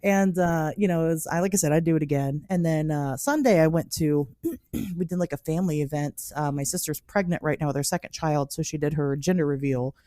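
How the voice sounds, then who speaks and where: A woman in her thirties hosting a podcast, telling stories in a casual, animated way with frequent laughs and many "like" fillers. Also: sits low, fairly quick, dry recording, clean studio sound. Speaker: podcast host. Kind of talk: casual storytelling chat.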